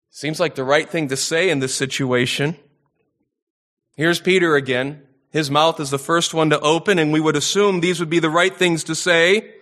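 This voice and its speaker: A man delivers an expository sermon in a bright, forward voice that sits a little high. He reads scripture aloud, then builds his points with rising emphasis and dramatic pauses. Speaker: pastor.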